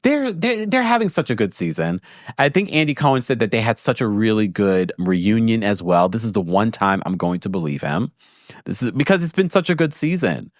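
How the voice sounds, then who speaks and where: Male host for a reality TV recap stream, sassy and lively, dry close-miked sound. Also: lowish voice, brisk, dry recording. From Jamaica. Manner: animated, sassy commentary reading chat comments. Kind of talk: casual reality TV recap livestream.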